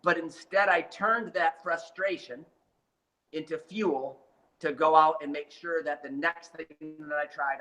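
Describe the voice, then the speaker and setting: A man's voice: fairly high pitch, a little slow, poor audio. A man telling his life story in an interview, emphatic and dramatic, getting fired up as he speaks. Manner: gets fired up and animated. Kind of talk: motivational storytelling.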